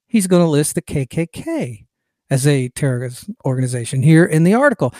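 A man's voice: sits high, dry recording. A man hosting a political podcast, talking in an opinionated, digressive and emphatic way. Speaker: podcast host.

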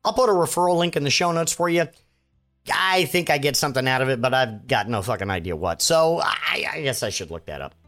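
A man's voice: mid-range voice, expressive, fairly quick, fairly bright tone, faint music behind. A man hosting a podcast, talking in a loose, offhand way with plenty of swearing. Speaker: podcast host. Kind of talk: casual chat.

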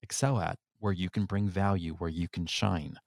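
A man's voice: low-pitched, fairly even intonation, moderate pace, vocal fry, a little mellow, no echo, studio quality. A man hosting a podcast interview, effusive and upbeat, filling his speech with "like". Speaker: podcast host.

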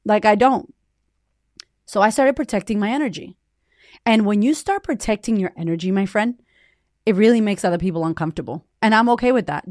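A woman in her thirties, a podcast host and coach, giving a candid, high-energy motivational talk full of swearing. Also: a little mellow, no room sound, studio quality.

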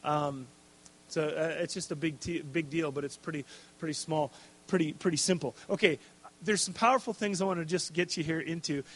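A man's voice: fairly high pitch, fairly even intonation, fairly quick. A man preaching a casual, conversational sermon, checking in with "okay?" and adding jokey asides. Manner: conversational, tags lines with "okay?" and "right?".

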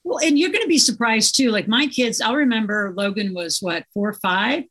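A woman's voice: on the high side, moderate pace, fairly bright tone. A middle-aged woman, a guest author, chatting casually and telling stories with enthusiasm. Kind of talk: casual interview chat.

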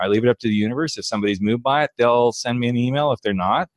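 A man's voice: medium pitch, rapid-fire, no room sound, studio quality. A man hosting a podcast, chatting casually and effusively with his guest, laughing often, then closing the show with an upbeat sign-off. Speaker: podcast host. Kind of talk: casual interview chat.

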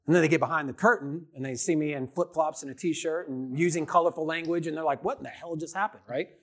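A middle-aged man speaking as an interview guest, his voice sitting a little high for a man. He talks bluntly and with plenty of energy, pitching ideas like a salesman and dropping rhetorical checks as he goes. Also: steady tone, quick pace. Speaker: podcast guest, entrepreneur. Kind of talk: casual interview talk.

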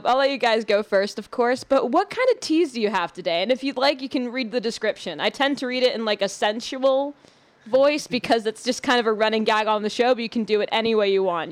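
A woman hosting a casual podcast chat, bubbly and upbeat with quick reactions. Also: on the high side, no room sound. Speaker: podcast host.

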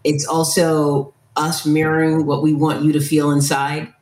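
An interview host who speaks in an affirming way and asks measured questions in relaxed conversation. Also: mid-range voice. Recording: roomy echo.

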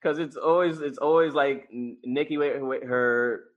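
A man's voice: mid-range voice, steady tone, moderate pace, highs cut off. A man co-hosting a casual podcast chat, playful and laughing as he tells stories. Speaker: podcast co-host.

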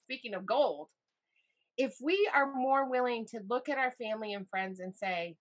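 A middle-aged woman as a podcast guest, talking in a casual, animated way and turning vivid when she retells moments from her life. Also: normal speed. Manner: animated storyteller, voice jumps high in retold moments. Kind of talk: casual interview chat.

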